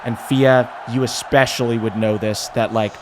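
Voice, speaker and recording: A man narrating a tabletop game as game master, casual and energetic, with many fillers. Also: mid-range voice, moderate pace, background noise.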